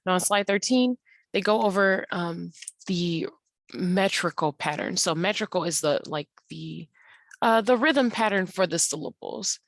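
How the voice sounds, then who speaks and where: A woman's voice: on the low side, unhurried, vocal fry, no room sound. A woman teacher patiently explaining slides in an online tutorial, with frequent ums and uhs. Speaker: English teacher.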